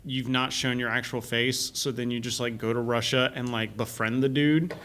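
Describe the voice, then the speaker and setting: A man's voice: medium pitch, little pitch movement, moderate pace, noisy background. A man around forty hosting a casual live podcast, rambling with many fillers and restarts. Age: 40s.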